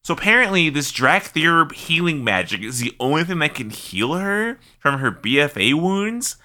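Male podcast co-host, bright and forceful, lively swooping delivery, casual and profane. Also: on the high side, moderate pace. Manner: animated storyteller, swears freely, laughs often. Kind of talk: casual chat.

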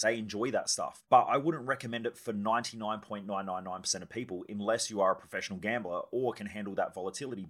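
A male podcast host talks fast in a low-pitched voice through a casual solo monologue. He is candid and swears freely, and he acts out his own past reactions as he tells a personal story. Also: a bit bright.

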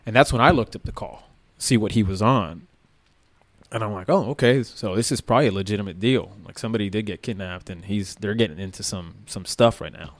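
A man's voice: fairly low pitch, fairly quick, no room sound. A man, a former police officer, recounting a story casually with lots of fillers. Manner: relaxed, rambling with many fillers.

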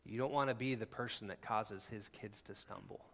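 A man preaching with a bright, forceful voice that drops to a hush and climbs to near-shouts. He talks to the congregation conversationally, slipping in asides between passionate points. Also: on the low side, normal speed, vocal fry. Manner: impassioned, swinging from hushed to near-shouting. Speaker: pastor. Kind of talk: sermon.

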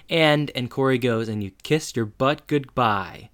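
A man walks through the plot in a loose, conversational recap. His voice is smooth and clear, at a middling pitch. He pops into high, animated voices whenever he quotes someone. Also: normal speed, hardly any pauses. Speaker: podcast co-host. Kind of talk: casual recap chat.

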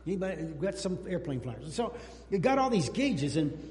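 A male pastor preaching a sermon, telling a story in an animated way and calling out to the children in the congregation. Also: high-pitched, fairly quick. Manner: animated storytelling, talks to the kids in the room. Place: church sanctuary. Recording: long hall reverb in a church.

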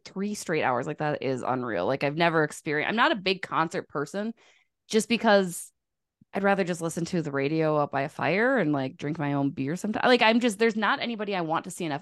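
A woman in her thirties hosting a casual sports podcast, chatty and quick to laugh. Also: low voice, animated, no echo, clean studio sound. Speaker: podcast host and sports writer.

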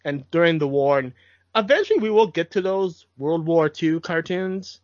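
A young adult man co-hosts a podcast, chatting casually about film history and rambling a bit with restarts. His voice is slightly high and animated at a normal pace, recorded muffled with no room sound.

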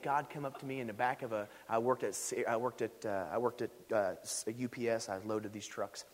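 A man preaching a sermon in a church sanctuary, telling stories in an animated way and rising loud when stirred. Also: mid-range voice, brisk, few pauses. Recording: echoey hall.

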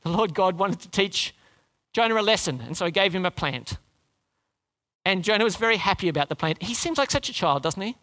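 High, bright-voiced male preacher. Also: fairly quick. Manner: animated, rises high for emphasis and drops low for prayer. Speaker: pastor. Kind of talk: sermon.

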